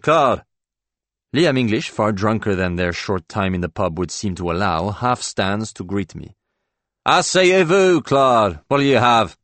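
Male audiobook narrator, very low voice, dry close sound, measured first-person read. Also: no echo.

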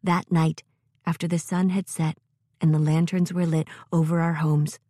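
A woman reading a story aloud in a gentle, measured way, as a narrator. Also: low voice, little pitch movement, no room sound, clean studio sound.

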